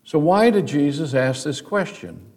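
A man's voice: on the high side, sing-song, measured pace, a little mellow. A man preaching a sermon as pastor, speaking earnestly to his congregation, telling stories and building to emphatic peaks. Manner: addresses the congregation directly, with storytelling asides.

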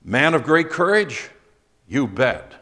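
A middle-aged male pastor delivers a sermon at an unhurried, deliberate pace. His voice rings out in a church hall with a long reverb tail, and he turns suddenly loud when quoting. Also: mid-range voice, big pitch swings. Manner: slow, emphatic preaching with sudden loud quoted outbursts.

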